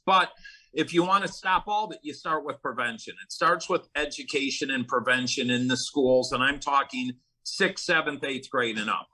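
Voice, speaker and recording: A man's voice: fairly high pitch, bright, forceful tone, rough recording. A middle-aged man, a guest in an interview, speaking earnestly about recovery and telling personal stories with bursts of emphasis. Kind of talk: conversational interview.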